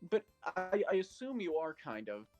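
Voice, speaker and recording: A man reacts to a story in casual chat, blunt and prone to swearing. His voice sits fairly high, and he rambles through restarts while faint music plays behind. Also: very animated, moderate pace, warm tone.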